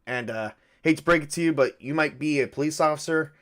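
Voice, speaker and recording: A man's voice: on the high side, fairly quick, a bit bright, lightly acted. A domineering middle-aged army sergeant, put on by a man in a solo tabletop game. He barks his claims and orders in a plain, bossy tone. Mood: commanding. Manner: bossy and commanding.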